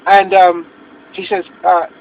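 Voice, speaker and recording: A man telling an animated story from the passenger side of a car, acting out quotes and restarting his sentences as he goes. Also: high voice, takes it slowly. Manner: excitable, acts out quotes, many restarts. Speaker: interviewee. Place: inside a moving car. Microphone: phone. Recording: muffled phone recording with road noise.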